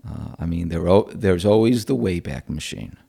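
Appearing as an interview guest, an opposition researcher in his forties from upstate New York talks in a rambling, self-mocking style. He speaks at a moderate pace in a low, dark, husky voice with vocal fry and lively intonation.

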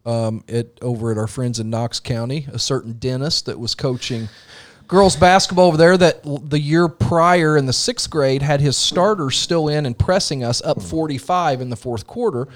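A man in casual chat, telling a story in a lively way. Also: mid-range voice, normal speed.

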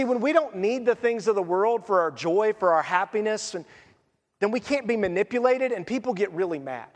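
Male pastor, bright high voice, earnest conversational sermon, long hall reverb. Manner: earnest, conversational preaching with quoted asides.

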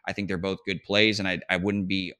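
A man's voice: sits low, little pitch movement, a little fast, bright, forceful tone, clean tone. A man hosting a fantasy football podcast, talking casually and with animation, often restarting his sentences and laughing mid-phrase. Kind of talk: casual sports chat.

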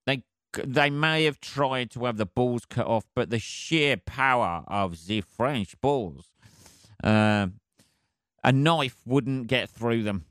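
Male podcast host, mid-pitched, sweary rambling monologue, dry sound. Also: expressive, slow, a bit bright, no echo. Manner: rambling, heavy swearing, laughs at his own jokes. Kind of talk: casual solo podcast monologue.

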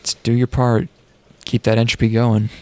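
A man co-hosting a podcast, chatting casually with dry, deadpan jokes. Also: mid-range voice, normal speed. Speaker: podcast co-host. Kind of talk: casual chat.

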